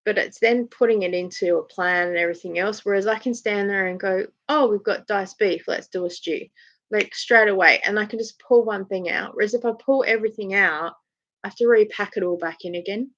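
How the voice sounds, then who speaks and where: A woman's voice: medium pitch, brisk, fairly bright tone, dry recording, dull audio. An Australian woman in her forties hosting a casual live chat, telling stories with frequent laughter. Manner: chatty storytelling, laughs often, acts out voices. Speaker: live-stream host.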